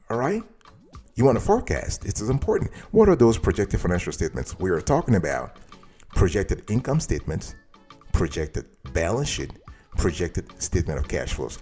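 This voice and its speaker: A man's voice: sits low, dark tone. A man hosting a financial advice tutorial, speaking emphatically and addressing the viewer directly. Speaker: host giving financial advice.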